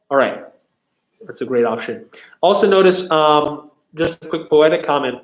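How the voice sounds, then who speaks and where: A man's voice: fairly high pitch, moderate pace. A man teaching a lesson on Shakespeare, explaining step by step with many fillers and restarts, and reading verse aloud. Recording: echoey room.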